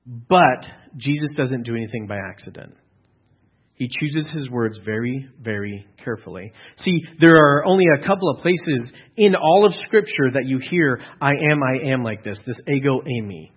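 A man with a husky, slightly breathy voice delivers a teaching sermon in an earnest, explanatory way. His phrases often restart, with a few fillers as he works through the point. The recording sounds dull and lo-fi. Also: mid-range voice, animated, normal speed. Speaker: pastor.

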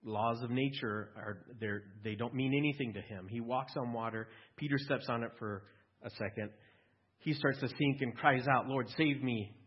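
A male pastor preaching a sermon in a husky, mid-pitched voice. He talks conversationally and keeps asking the congregation questions. The sound is dull and lo-fi. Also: normal speed. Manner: conversational, asks listeners questions, small restarts. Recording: dull lo-fi recording.

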